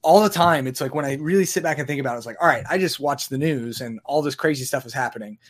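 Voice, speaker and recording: A man's voice: medium pitch, fast talker. A man in casual conversation who talks in a reflective, rambling way and often restarts his phrases.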